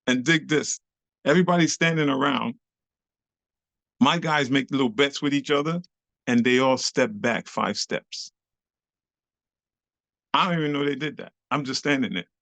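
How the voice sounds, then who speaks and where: Gravelly New man telling stories. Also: medium pitch, moderate pace, pauses often, a bit bright, no room sound. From New York City. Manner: slangy, acts out the voices of people in his story. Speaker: interview guest, club dancer. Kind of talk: animated storytelling.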